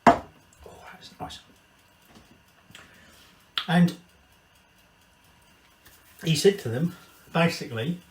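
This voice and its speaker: A man's voice: a little high, expressive, drawn-out words, pauses often. A man hosting a casual cooking video, rambling, swearing and drinking while he cooks. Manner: rambling, swearing, tipsy asides. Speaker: cooking channel host. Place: home kitchen. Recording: echoey room, distant mic, faint kitchen noise. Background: clatter of pots and cutlery.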